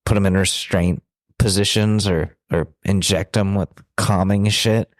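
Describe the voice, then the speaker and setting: A man's voice: low voice, steady tone, measured pace, no room sound, clean studio sound. A young man co-hosting a podcast, telling a candid story in a blunt, profane, self-deprecating way. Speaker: podcast co-host.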